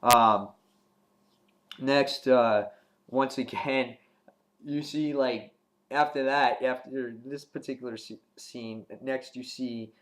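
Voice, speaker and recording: A man giving a casual spoken review of a TV episode, rambling with many ums and restarts, and getting animated when he retells scenes. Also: medium pitch, slow. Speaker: TV show reviewer.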